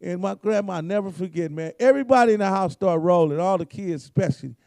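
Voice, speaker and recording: A hoarse man, telling profane, laid-back comedic stories about his family. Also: high-pitched, quick pace, a little mellow, no echo. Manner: profane, laid-back storytelling, acts out quotes. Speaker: guest comedian. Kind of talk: storytelling comedy.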